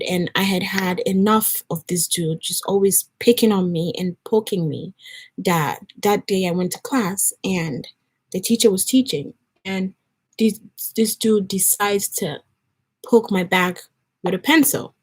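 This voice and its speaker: Young woman talking while she gets ready, bit husky, earnest storytelling, says like a lot. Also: fairly low pitch. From Nigeria. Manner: earnest, storytelling, lots of likes and restarts. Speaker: vlogger. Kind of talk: casual chat while getting ready.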